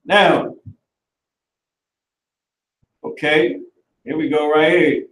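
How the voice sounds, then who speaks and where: A talkative male teacher leading a casual online class, narrating each step as he clicks through. His voice sits slightly high, and the recording is roomy and set back from the mic. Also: takes it slowly, recorded from a distance. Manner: animated, talkative, works through the screen aloud.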